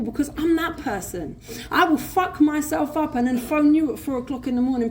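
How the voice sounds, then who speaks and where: A woman with a London accent telling her recovery story at a convention, blunt, swearing and animated. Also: high-pitched, brisk, hardly any pauses. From England. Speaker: recovery speaker. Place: convention hall stage. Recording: faint room noise at a convention.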